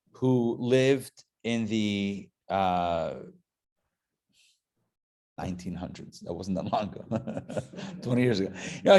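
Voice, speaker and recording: A man teaching a live religious class in a relaxed, conversational style. He restarts his sentences often and slips in joking asides. His voice is middle-pitched for a man and rises with emphasis as the story builds. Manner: casual, self-interrupting, joking asides. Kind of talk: live Torah class talk.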